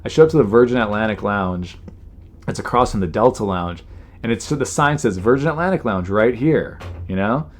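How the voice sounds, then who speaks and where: A man hosts his podcast at a normal speed, his pitch sitting fairly low. The monologue wanders casually, sprinkled with "you know" fillers, while he acts out other people's lines in exasperated asides.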